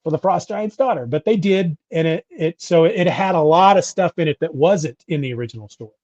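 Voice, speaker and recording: On dull lo-fi audio with no room sound, a middle-aged man co-hosting a podcast talks casually, chatty and meandering, frequently restarting and correcting himself. His voice is on the high side, expressive and a little mellow, moving a little fast.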